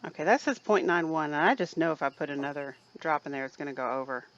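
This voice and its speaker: Here a fast-talking woman with a low-pitched, fairly bright voice and lively intonation demonstrates recipe mixing on a casual show she co-hosts. She explains each step chattily and calls viewers "people," though the recording has its highs cut off.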